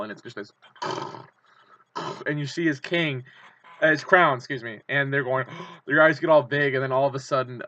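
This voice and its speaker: Excitable man, bright edgy voice. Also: medium pitch, dry recording, dull audio. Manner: rambling and enthusiastic, many fillers and restarts. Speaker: channel host. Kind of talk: excited fan commentary.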